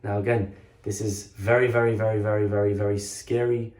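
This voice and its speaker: A man's voice: fairly low pitch, level tone, a little fast, a little mellow. A man, a rabbi, giving a storytelling sermon in an earnest way, stressing points by repeating himself. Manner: earnest storytelling with emphatic repetition. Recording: roomy echo.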